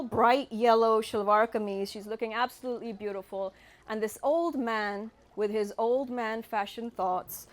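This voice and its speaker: High-voiced wry British woman comedian. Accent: British with a slight Californian tinge. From United Kingdom. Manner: wry, punchline-driven storytelling. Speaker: stand-up comedian. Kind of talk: stand-up comedy set.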